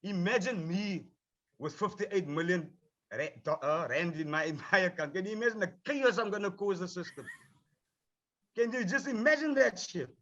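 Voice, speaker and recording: A man speaks heatedly about his craft, swearing freely and circling back over his points. His voice sits a bit high for a man. The sound is dull and muffled, as if it came over a video call. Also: moderate pace, fairly bright tone. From South Africa. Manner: passionate, profane, repeats himself. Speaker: rapper, film subject. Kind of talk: heated panel discussion.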